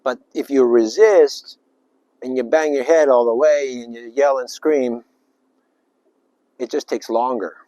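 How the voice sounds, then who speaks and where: A man giving an informal spiritual talk, rambling and emphatic, with sudden loud bursts and little acted-out voices. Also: mid-range voice, a little slow, pauses often, no room sound. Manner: acts out little voices and sounds. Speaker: spiritual speaker.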